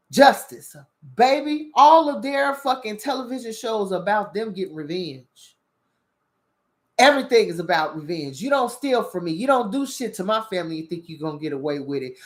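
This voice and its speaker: Heated, profane woman ranting. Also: medium pitch. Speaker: channel host. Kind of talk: casual spiritual commentary monologue.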